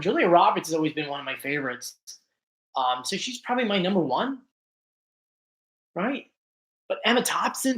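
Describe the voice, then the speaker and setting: A man's voice: high voice, a bit bright. Chatty man rambling through viewer questions. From South Jersey, USA. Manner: chatty and rambling, full of likes and ums. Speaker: YouTube show host. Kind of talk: casual livestream Q&A reading viewer comments.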